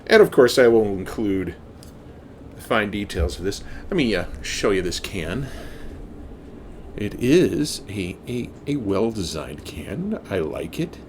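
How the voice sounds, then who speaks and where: A man's voice: lowish voice, very animated, slow, darkish tone, a little hiss or hum. A man giving a casual beer review from his home basement, joking offhandedly as he reads the label aloud.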